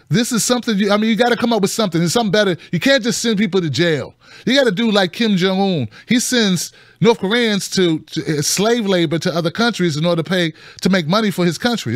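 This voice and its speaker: A man hosting a casual news commentary show, animated and sarcastic, jumping between high mocking tones and low grumbles. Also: dry recording, clean studio sound. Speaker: show host.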